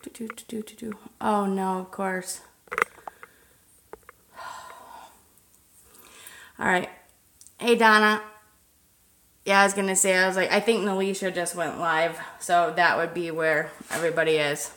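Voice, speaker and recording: A woman's voice: fairly low pitch, steady tone, unhurried, long pauses, fairly bright tone, roomy sound, slight background noise. A woman in her thirties hosting a paranormal livestream outdoors at night, chatting loosely with viewers and swearing freely. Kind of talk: casual livestream chat.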